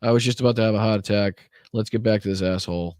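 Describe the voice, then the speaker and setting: A man's voice: on the low side, steady tone, fast talker, darkish tone, dry recording. A man hosting a political livestream, talking casually in a profane, exasperated, rambling way.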